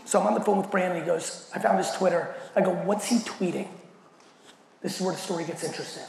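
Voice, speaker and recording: Animated, gravelly man speaking in an echoey hall. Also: high-pitched, fast. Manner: animated, profane, acts out quoted dialogue. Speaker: keynote speaker. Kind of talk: storytelling keynote talk. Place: large event hall. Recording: echoey hall with faint noise.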